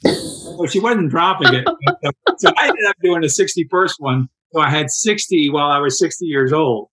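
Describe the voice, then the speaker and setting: A man in his sixties telling stories in a casual interview, animated and acting out quoted dialogue. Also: a little high, normal speed, slightly rough, rough recording. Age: 60s. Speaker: interview guest, endurance athlete.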